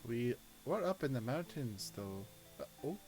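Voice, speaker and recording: A man taking part in a tabletop game. He chats casually and jokes around with the group. His voice sits at a middle pitch. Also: sing-song, unhurried, a little mellow, soft background music. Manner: joking and chatty. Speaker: player.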